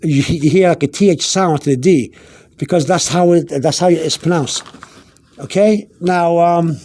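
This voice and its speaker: A man teaching vocabulary in an unscripted video lesson, halting, repeating himself and filling pauses, slowing down to spell out words. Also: on the high side, a little mellow. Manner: searches aloud through his notes. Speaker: language teacher.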